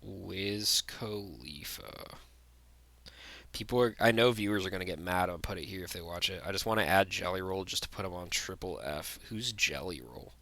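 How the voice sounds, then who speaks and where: A man's voice: sits low, normal speed, bright, forceful tone. A young man giving blunt, rambling tier-list commentary, full of fillers and restarts. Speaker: vlogger.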